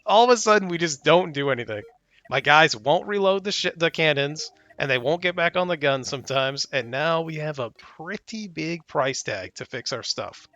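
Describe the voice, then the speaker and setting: A young man giving casual gameplay commentary from home, excitable and exasperated, pleading at the screen. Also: a little high, normal speed, lo-fi sound. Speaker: gaming YouTuber.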